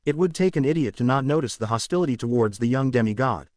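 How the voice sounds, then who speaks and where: A man voicing a scheming manticore villain with a weird French accent, read with an animated, up-and-down delivery. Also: mid-range voice, quick pace, dry recording, clean studio sound, natural voice. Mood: hostile. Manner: hostile, scheming.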